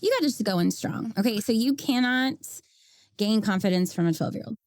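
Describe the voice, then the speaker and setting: A woman's voice: a little high, expressive, brisk, no room sound, studio quality. A woman teacher co-hosting a casual podcast, giggly and self-deprecating as she explains her classroom habits.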